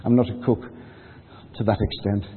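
A man's voice: on the low side, level tone, unhurried, a little hiss or hum. A man giving a sermon, telling the story in a conversational way and acting out the quotes. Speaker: preacher. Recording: phone-like audio with long hall reverb.

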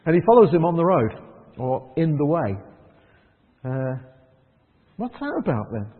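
A man preaching a conversational sermon in church, lively and chuckling, dropping to soft prayerful tones. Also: a little high, a little slow, pauses often, long reverb tail, narrow, tinny audio.

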